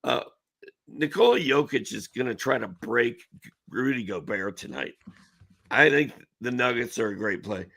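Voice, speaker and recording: A man's voice: mid-range voice, lively intonation, measured pace, vocal fry, a bit bright, husky. A man co-hosting a fantasy basketball betting show, laid-back and confident in casual chat. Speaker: co-host.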